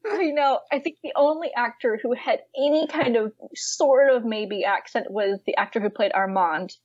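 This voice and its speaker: A lively young woman chats about a novel and its film versions, giggling and filling her talk with "like." Her voice sits a bit high, and the recording is dull and dry, with the highs cut off. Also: normal speed, dry recording. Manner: lively, giggly, many fillers. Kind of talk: casual chat about books and films.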